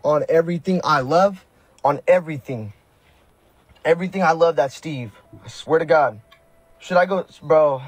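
Streaming live, a young man who makes prank videos and comes from the Sacramento area in California chats with his viewers in slang. His voice is on the high side at a moderate pace, and he sounds nervous while repeatedly swearing oaths.

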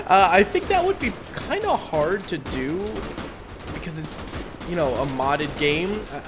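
A man giving casual, excitable gameplay commentary on his gaming channel, exclaiming at big moments. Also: high voice. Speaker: gaming YouTuber. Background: faint game gunfire and music.

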